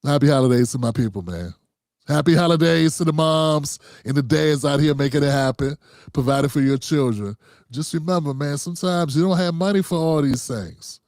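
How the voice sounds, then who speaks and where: A man's voice: a little high, fairly quick, darkish tone, no room sound, clean studio sound. A middle-aged man hosts a casual livestream commentary show in a loose, conversational way, calling his viewers fam.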